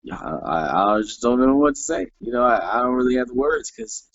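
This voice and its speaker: A man teaching a Hebrew grammar class in a relaxed way, with lots of fillers and restarts. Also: medium pitch, a little fast, dry recording. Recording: dull lo-fi class recording.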